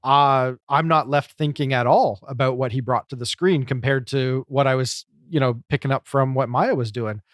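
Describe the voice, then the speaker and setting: A man's voice: mid-range voice, steady tone, normal speed, few pauses, dry recording, studio quality. A man co-hosting a podcast, chatting casually and analytically about a comedy show, with plenty of fillers. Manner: talkative, analytical, many fillers. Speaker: podcast co-host.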